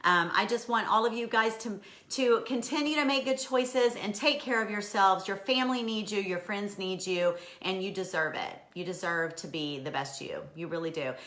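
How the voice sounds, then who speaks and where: A woman hosting a weekly live stream, chatting casually and warmly encouraging her viewers, answering their comments by name and laughing often. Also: mid-range voice, normal speed, hardly any pauses, reverberant.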